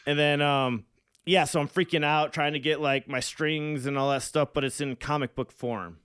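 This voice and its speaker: A man's voice: a little high, fairly even intonation, moderate pace, a bit bright, smooth, no echo, clean studio sound. Laid-back rambling young man. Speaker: podcast co-host and musician. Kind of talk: casual podcast chat. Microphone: phone.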